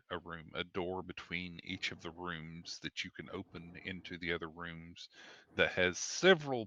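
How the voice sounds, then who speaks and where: A man's voice: sits low, sharp tone, no room sound, lo-fi sound. A man narrating a tabletop game as game master, describing scenes at length. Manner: descriptive, with fillers and restarts.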